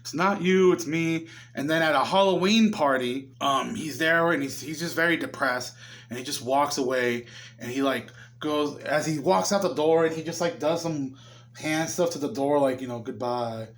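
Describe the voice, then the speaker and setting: A man's voice: a little high, moderate pace, a bit bright. Chatty young man recapping a movie. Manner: chatty, acts out the characters' lines. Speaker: movie reviewer.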